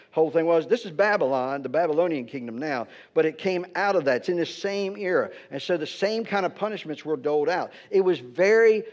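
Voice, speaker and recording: High-voiced conversational preacher. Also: male voice. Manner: conversational, keeps asking "right?". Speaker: pastor. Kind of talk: teaching sermon. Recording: dull lo-fi recording.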